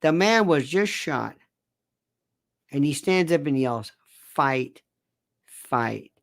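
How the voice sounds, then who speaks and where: Older male host, gravelly voice, wide-swinging sarcastic monologue. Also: on the high side, slow. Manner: sarcastic, animated, digressive. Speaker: commentary host. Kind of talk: opinion commentary monologue.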